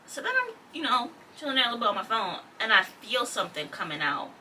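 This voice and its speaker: A woman's voice: a little high, very animated, fast, bright, forceful tone. A young woman in her twenties, speaking, tells a personal story casually to her vlog audience, full of "like" and quoted speech. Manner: conversational, lots of "like" and quoted speech. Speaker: vlogger. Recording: distant mic with faint background noise.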